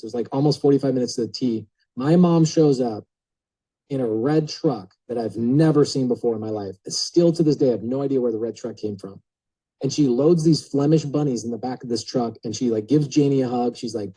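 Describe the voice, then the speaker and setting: Husky-voiced man telling a lively story. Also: medium pitch, dry recording, rough recording. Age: adult. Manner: lively, acts out quoted voices, casual filler words. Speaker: speaker telling a real estate story to a group. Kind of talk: animated storytelling talk.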